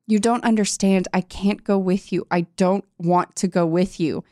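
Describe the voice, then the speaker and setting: A woman's voice: medium pitch, fairly even intonation, moderate pace, mellow, no echo, studio quality, natural voice. A woman reading aloud as a frightened young woman who pleads in a raised voice. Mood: pleading.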